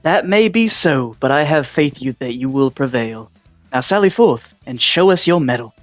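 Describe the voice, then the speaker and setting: A man's voice: mid-range voice, animated, moderate pace, no room sound, natural voice. A man voicing a gracious, formal male tournament announcer over a live stream, with stately, ceremonious phrasing. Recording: dull lo-fi mic with faint music.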